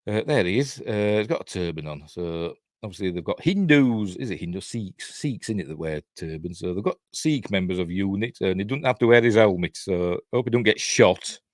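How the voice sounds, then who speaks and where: A man's voice: low voice, expressive, normal speed, hardly any pauses, no echo, studio quality. An older man with a Yorkshire accent giving a casual, rambling watch-along review, chuckling often. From Yorkshire, England. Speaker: reviewer and channel host.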